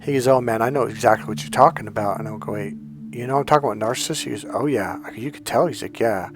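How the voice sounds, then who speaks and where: A man's voice: medium pitch, fast talker. A middle-aged man coaching in a casual monologue, telling his own story in a candid, blunt way with frequent swearing.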